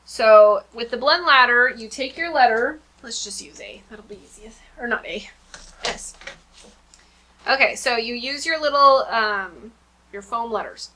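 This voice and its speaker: Woman, 30s, homeschooling mom, casual vlog chat, rambling, bright tone, slightly high voice. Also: unhurried, slight background noise. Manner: chatty, rambling, with many fillers.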